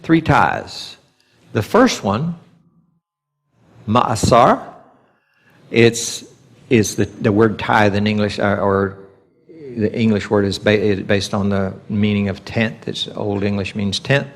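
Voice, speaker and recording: A man's voice: fairly low pitch, slow, long pauses. Conversational male Bible teacher. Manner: conversational, acts out God's voice in quotes. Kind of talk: sermon teaching.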